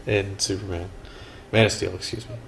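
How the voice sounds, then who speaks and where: A man's voice: sits low, little pitch movement, brisk, vocal fry, a little hiss or hum, poor audio. A man co-hosting a casual movie review chat, rambling and acting out film lines in silly voices. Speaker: podcast co-host.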